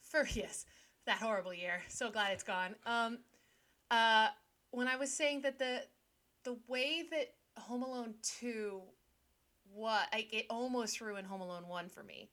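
A woman's voice: on the high side, fairly even intonation, fairly bright tone. A young woman co-hosting a podcast in casual chat, playful and joking. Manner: playful, joking, quick to laugh. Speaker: podcast co-host.

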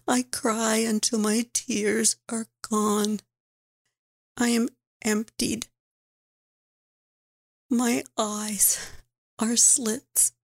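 A woman's voice: a little high, exaggerated voice. A woman speaking as a frightened six-year-old girl. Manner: halting, pleading, whispering at times.

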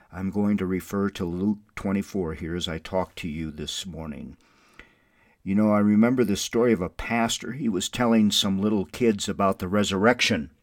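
A man delivers an Easter sermon in a low voice, recorded close and dry with no room sound. He moves from hushed, sorrowful stretches to booming, exultant high points. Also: no echo. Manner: swells from soft and mournful to loud and jubilant. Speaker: pastor.

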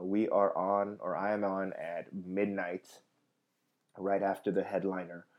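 A comedian in his thirties talks loosely to his viewers, stopping and restarting with lots of fillers. His voice sits low and sounds mellow and unhurried. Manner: rambling, many fillers and restarts. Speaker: comedian hosting a livestream podcast. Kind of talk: casual live chat reading viewer comments.

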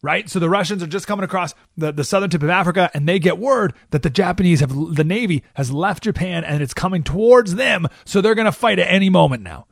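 A man hosting a political talk radio show, telling a story in an animated way and often asking "right?" into a studio microphone. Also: sits high, quick pace, vocal fry, few pauses, no room sound.

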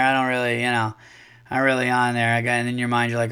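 A man hosts his own podcast and tells casual stories to his listeners. His pitch sits at an ordinary middle level. He swears freely and gets animated when he acts out what he and others said. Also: brisk, clear, resonant tone. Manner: profane, animated storyteller acting out his own quotes. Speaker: podcast host. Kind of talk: casual storytelling monologue.

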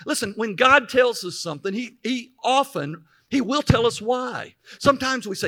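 High bright-voiced male preacher. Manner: reads scripture then pauses to explain with emphatic asides. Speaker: pastor. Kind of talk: sermon.

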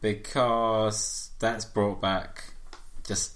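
A man's voice: on the low side, little pitch movement, drawn-out words, fairly bright tone. A man hosting a casual podcast, hesitant with many ums and given to dry remarks. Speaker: podcast host.

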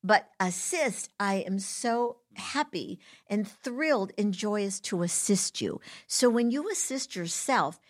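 A woman's voice: mid-range voice, expressive, slow pace, hardly any pauses. A woman guest teacher in a casual interview, talking in a playful, emphatic way and coining cutesy words.

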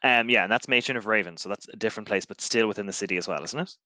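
A man's voice: lowish voice, rapid-fire, bright, forceful tone, no echo. A man playing a tabletop game, rambling playfully with lots of fillers and joking asides. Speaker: player. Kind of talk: casual tabletop play.

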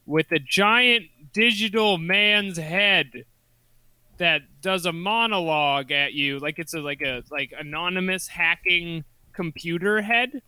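A high, very lively man co-hosting a casual chat, telling the story in an animated way and laughing often. His voice is gravelly and strikingly bright. It is recorded close and dry. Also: measured pace, no echo.

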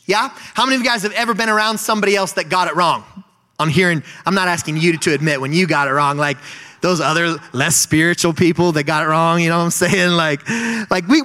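High, bright-voiced pastor preaching. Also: male voice, long reverb tail. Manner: animated, storytelling, frequent asides to the congregation. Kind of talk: conversational sermon.

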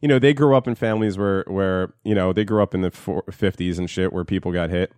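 A New Jersey man chats on a podcast with a fairly low voice, rattling off stories at speed with plenty of swearing. The sound is close and dry, with no room around it. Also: darkish tone, clean tone, no room sound. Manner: fast-talking, swearing, storytelling with impressions. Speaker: podcast co-host. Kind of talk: casual chat.

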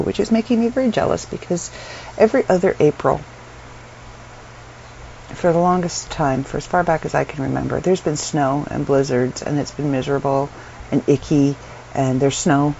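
Tired, chatty woman with a gravelly voice. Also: deep voice, normal speed, long pauses, a little mellow. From Canada. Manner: chatty and rambling, frequent ums and laughs. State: unwell and tired. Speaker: vlogger. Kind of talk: casual chat to camera. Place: her bedroom at home. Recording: dull lo-fi sound with faint room noise.

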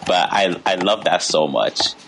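A man's voice: low voice, expressive, measured pace, creaky, noisy background. A man co-hosting a radio talk show, agreeing and restating what his co-host said in a supportive way. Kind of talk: casual talk radio chat. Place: radio studio.

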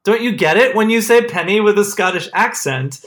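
A podcast co-host in casual chat, rambling and excitable, with many restarts. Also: medium pitch, a little fast.

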